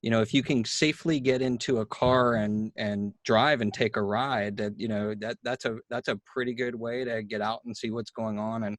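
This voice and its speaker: Chatty host with a dry sound. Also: male voice, medium pitch, normal speed, few pauses, dry recording. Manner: chatty, animated when telling anecdotes, with many restarts. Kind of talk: casual conversational storytelling.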